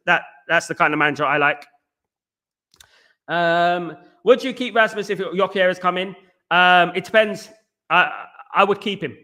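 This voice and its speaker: Bright, chatty man hosting a fan stream. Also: high voice. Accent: Northern English. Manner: chatty, repeats words and shout-outs. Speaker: host of a football fan livestream. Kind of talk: casual live chat reading viewer comments.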